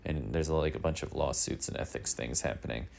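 Very deep, gravelly New man. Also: a little fast. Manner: deadpan, meandering, many fillers. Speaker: daily news podcast host. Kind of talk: rambling comedic monologue.

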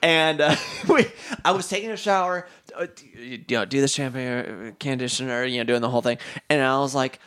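A man's voice: medium pitch, a little fast, hardly any pauses, fairly bright tone, clean tone. A man co-hosting a podcast, telling a story in a rambling, profane way, full of "you know" and "like.". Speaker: podcast co-host. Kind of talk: casual chat.

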